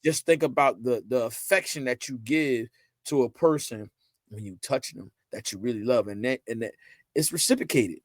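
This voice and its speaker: Chatting on a podcast at a normal speed, this male guest is an animated storyteller. He performs quotes from family and friends by raising his pitch. The recording sounds close-miked and dry, free of room reverb.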